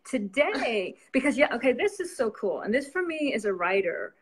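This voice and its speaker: Woman, novelist guest, slightly high-pitched, casual chat, rambling, laughs a lot. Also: big pitch swings, normal speed, husky. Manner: chatty, rambling, laughs often.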